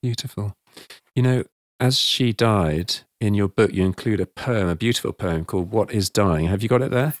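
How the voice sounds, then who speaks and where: A man hosting an interview, speaking gently, affirming his guest and asking leading questions. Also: fairly low pitch, moderate pace, no room sound, studio quality. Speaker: host.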